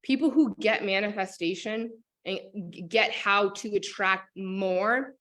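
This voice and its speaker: A woman talking casually as a motivational coach, animated and full of fillers like "like" and "oh my God". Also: mid-range voice, unhurried. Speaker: business and manifestation coach.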